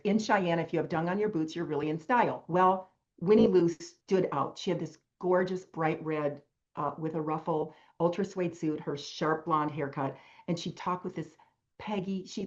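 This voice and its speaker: A woman's voice: lowish voice, muffled recording. An older woman, a longtime direct-sales leader, telling a long rambling personal story on a call. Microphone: video call.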